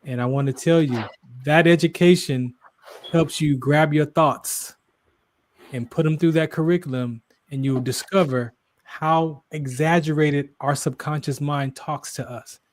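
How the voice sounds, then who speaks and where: A man's voice: a little high, steady tone, measured pace. A man hosting a casual interview, talking earnestly and encouragingly, often in a preacher-like way. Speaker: host.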